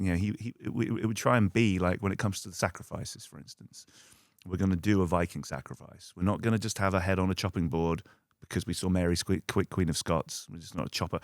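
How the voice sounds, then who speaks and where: A middle-aged man, an actor guest on a podcast, telling stories in a casual, animated way, swearing and acting out loud quoted lines. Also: no echo, studio quality. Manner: animated, acts out quotes in loud high bursts.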